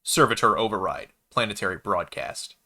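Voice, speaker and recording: A man voicing a calm, menacing robotic enforcer making a slow, formal planetary announcement. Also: fairly low pitch. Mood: announcing.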